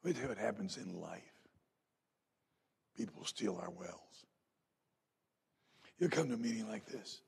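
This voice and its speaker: A man preaching a revival sermon in a church, telling folksy stories and rising to loud emphatic peaks. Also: deep voice, very animated, measured pace, vocal fry, long pauses, slightly rough. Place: church sanctuary.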